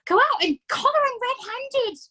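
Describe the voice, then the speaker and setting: A woman voicing a shrill, panicking mother in a storybook reading, shrieking and hissing. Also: animated, normal speed, bright, forceful tone, heavily acted. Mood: panicked shrieking.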